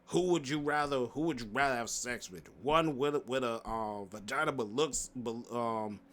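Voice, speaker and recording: A man's voice: medium pitch, moderate pace, fairly bright tone, a little hiss or hum. A man giving a loose, slangy commentary recap of a livestream, laughing often and rambling through fillers and restarts. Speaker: commentary YouTuber. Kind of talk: casual stream recap commentary.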